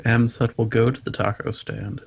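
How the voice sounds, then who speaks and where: A man with a gravelly, husky voice chatting casually as a player in a tabletop game. He talks in a loose, friendly way and laughs easily. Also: medium pitch, fairly even intonation, moderate pace.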